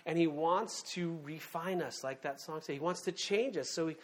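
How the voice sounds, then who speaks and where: A man preaching a sermon in a relaxed, conversational way, full of fillers and asides. He leans into key words with emphasis, and his voice sits on the higher side. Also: normal speed. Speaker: pastor.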